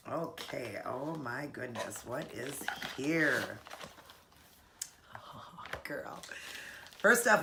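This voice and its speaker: A woman in her forties, a vlogger chatting casually while unboxing a gift, gushing and sentimental with breathy laughs. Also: extremely low pitch, noisy background. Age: 40s.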